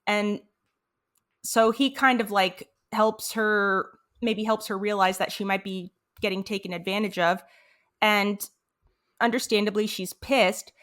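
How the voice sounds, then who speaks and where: A woman's voice: medium pitch, steady tone, a little slow, a bit bright. A woman co-hosting a podcast, talking through an episode in thoughtful casual chat and reading quotes aloud. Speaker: podcast co-host.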